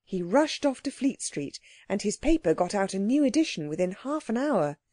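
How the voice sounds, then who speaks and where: Mellow woman reading a children's audiobook. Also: medium pitch, moderate pace, no echo, clean studio sound. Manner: clear, expressive storytelling. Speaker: audiobook narrator.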